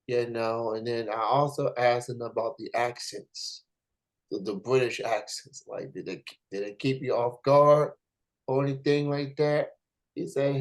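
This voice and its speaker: An easygoing American man hosts a casual interview. His voice sits at an ordinary middle pitch, and he pads his talk with drawn-out fillers and chuckles. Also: rough recording. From United States. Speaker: host.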